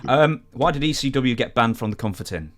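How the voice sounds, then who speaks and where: A man hosting an interview, relaxed and chatty with his guest. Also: medium pitch, a little fast. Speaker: interview host. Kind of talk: casual interview.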